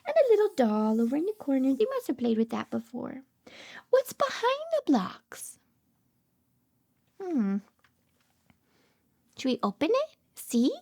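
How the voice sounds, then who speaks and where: A woman with a very high, bright-sounding voice reads a picture book to toddlers, drawing her words out slowly. She swoops up and down in an animated, sing-song way, gasping with delight and dropping into hushed asides as a speech therapist would for small children. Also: creaky.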